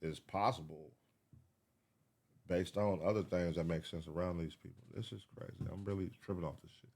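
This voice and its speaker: A man giving live reaction commentary, excitable, swearing and thinking aloud as he searches. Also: sits low, moderate pace, breathy edge. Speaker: reaction streamer.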